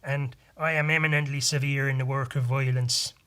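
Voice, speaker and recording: A man's voice: mid-range voice, flat delivery, normal speed, sharp tone, clear, resonant tone, close to an everyday voice. A man voicing a boastful, violent Irish warrior in an exaggerated stereotyped accent. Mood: hammy. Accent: mock Irish. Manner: exaggerated, sing-song stereotype.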